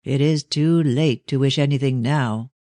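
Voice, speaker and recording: Man doing a stern cold old-school father, measured, dry close mic. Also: mid-range voice, dark tone, no room sound, natural voice. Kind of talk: audiobook character reading.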